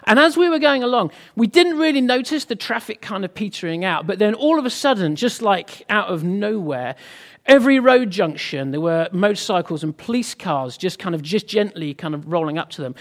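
A man's voice: sits high, lively intonation, fairly quick, fairly bright tone. A British man preaching a sermon, telling a humorous personal story to the congregation in a chatty way. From Britain. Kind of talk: sermon with anecdote.

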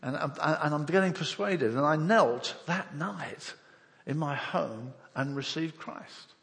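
A man's voice: on the high side, slow pace, gravelly, fairly bright tone, in a large hall. An older man from England preaching a sermon, telling his own conversion story and acting out the voices and thoughts of the people in it. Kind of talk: sermon with personal testimony.

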